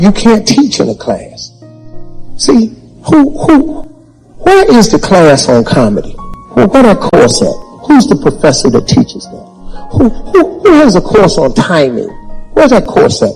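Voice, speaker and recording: High-pitched preachy man, echoey hall. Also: vocal fry, darkish tone. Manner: preachy, emphatic, repetitive rhetorical questions; folksy Southern-style grammar. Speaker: motivational speaker. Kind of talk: motivational speech.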